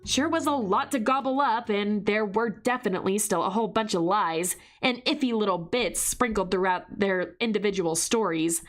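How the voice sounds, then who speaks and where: A hoarse woman reading out the narration of a brash young female investigator, sarcastic and suspicious, with a slangy, scornful edge. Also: mid-range voice, moderate pace, few pauses, natural voice. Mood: wry, suspicious. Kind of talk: reading visual novel narration aloud.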